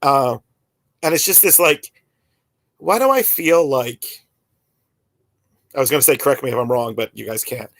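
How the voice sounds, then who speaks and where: A man's voice: medium pitch, normal speed, vocal fry, long pauses, a bit bright, dry recording. A man in his forties, talking in a rambling way full of fillers and restarts in a casual podcast chat. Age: 40s.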